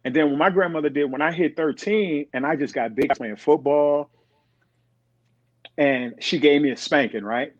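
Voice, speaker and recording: A man's voice: on the high side, moderate pace, dry recording. A middle-aged man, a podcast guest, telling stories in casual talk and acting out the voices of the people in them. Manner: animated, acts out quoted voices. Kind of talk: casual storytelling. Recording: dull, dry sound.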